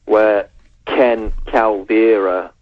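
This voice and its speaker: Low-pitched male caller on a dull phone line, flat and measured, citing sources. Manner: measured, reads titles and sources. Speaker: researcher and writer, radio guest. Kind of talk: phone-in radio interview. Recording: muffled phone line on radio.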